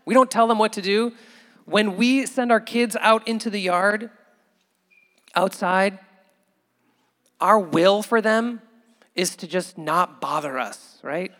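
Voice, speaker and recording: Man, pastor, sermon, unhurried delivery, conversational, long hall reverb. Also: high voice. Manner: conversational, chuckling, builds to loud animated bursts.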